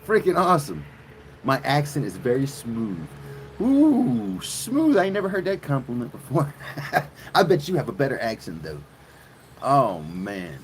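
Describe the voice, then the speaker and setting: A man from South Mississippi with a Southern American accent, chatting excitably with viewers on a live stream and swearing freely. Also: medium pitch, moderate pace, slight background noise. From South Mississippi, USA.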